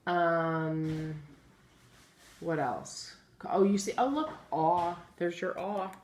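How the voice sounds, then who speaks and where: Low-voiced woman teaching young kids phonics. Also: fairly even intonation. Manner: patient, encouraging, sounds words out slowly. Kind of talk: phonics lesson for young children. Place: classroom with chalkboard. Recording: echoey room, faint ambient noise.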